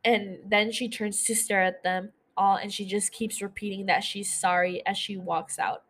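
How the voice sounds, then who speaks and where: A woman with a middle-pitched voice recaps a show episode in a loose, chatty way. She swears freely and breaks off into gushing asides. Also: little pitch movement, normal speed, fairly bright tone. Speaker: podcast host.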